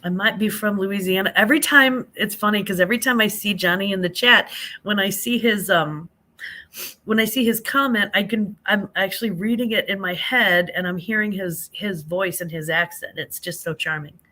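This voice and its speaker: A woman's voice: medium pitch, normal speed, pushed and bright. A half-awake woman hosting a casual late-night live stream on her phone, chatting and reading viewer comments aloud, calling people honey.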